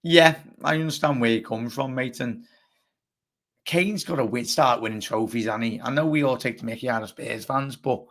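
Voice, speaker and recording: A young Scouse man with a groggy, hoarse voice, hosting a casual live football chat and answering viewers as he rambles. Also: medium pitch, normal speed, a bit bright. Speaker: livestream host.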